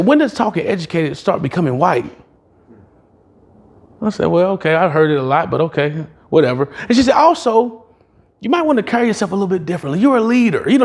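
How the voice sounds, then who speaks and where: A middle-aged man giving a motivational talk, telling stories in a casual, slangy way and acting out the dialogue. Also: high voice. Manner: animated, acts out dialogue in other voices. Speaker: motivational speaker. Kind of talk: storytelling speech at a sales retreat.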